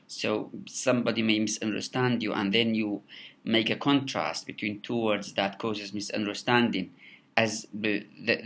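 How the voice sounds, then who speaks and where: Slow, halting male teacher. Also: on the low side, a bit bright. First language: Kurdish. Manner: halting, many repeated words and fillers. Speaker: English teacher. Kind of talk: recorded lecture.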